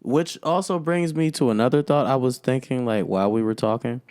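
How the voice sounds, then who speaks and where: A young man co-hosting a podcast, musing aloud in a halting way and laughing often. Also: mid-range voice, darkish tone, dry recording. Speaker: podcast co-host. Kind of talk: casual chat.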